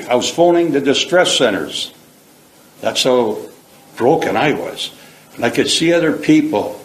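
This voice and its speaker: A man's voice: medium pitch, lively intonation, measured pace. Middle-aged man, earnest plain-spoken testimony, echoey hall. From Canada. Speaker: speaker giving his testimony. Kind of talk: personal testimony. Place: church hall. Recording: echoey hall, faint background hiss.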